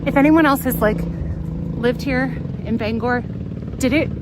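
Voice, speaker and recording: A woman's voice: high-pitched, unhurried. Chatty young woman vlogging outdoors. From California. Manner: chatty, storytelling, laughs often, reads out chat. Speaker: travel vlogger. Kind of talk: casual live-stream chat. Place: outdoors on a town street. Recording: outdoor street noise. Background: traffic and street noise.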